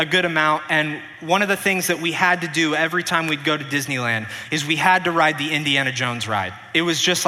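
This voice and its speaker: A young man preaching a sermon as pastor, telling stories with animation and dropping softer for earnest points. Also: on the high side. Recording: reverberant hall.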